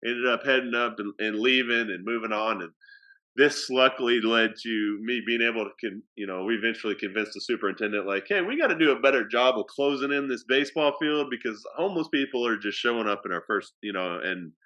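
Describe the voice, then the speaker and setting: Bright-voiced man telling a story. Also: medium pitch, a little fast, muffled recording. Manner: rambling with many fillers and restarts. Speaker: athletic director. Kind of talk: casual storytelling.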